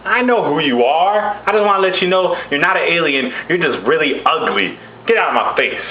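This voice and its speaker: A brash male God , as a man puts him on, delivers mocking put-downs in a high, scolding voice. The sound is dull and lo-fi, with a roomy echo. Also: lively intonation, fairly quick, natural voice. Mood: scornful. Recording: dull, echoey room recording.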